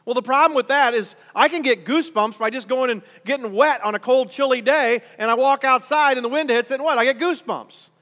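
A man's voice: very high-pitched, fairly quick, few pauses, bright, forceful tone, long reverb tail. A male pastor preaching a conversational sermon, full of rhetorical questions and repeated restarts.

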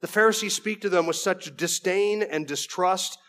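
A man's voice: high voice, moderate pace, a bit bright. A man preaching an expository sermon verse by verse, conversational, with folksy asides and frequent restarts.

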